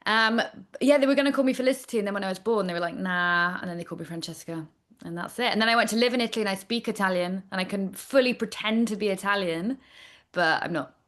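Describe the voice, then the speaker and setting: A woman's voice: on the low side, a bit bright. A woman, a chatty guest telling stories in a casual interview. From Nottingham, England. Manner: chatty storyteller, trailing off. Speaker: astrologer guest.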